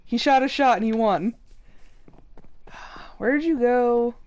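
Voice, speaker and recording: A young woman chatting casually and rambling on a live game stream, self-deprecating, with sudden excited outbursts. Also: on the high side, slow, pauses often, slight background noise. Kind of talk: casual live-stream chat while gaming.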